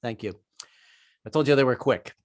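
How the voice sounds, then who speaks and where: A man's voice: medium pitch, moderate pace, no echo, clean studio sound. A man doing a rambling, self-deprecating stand-up set over a video call, slipping into voices. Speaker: stand-up comedian.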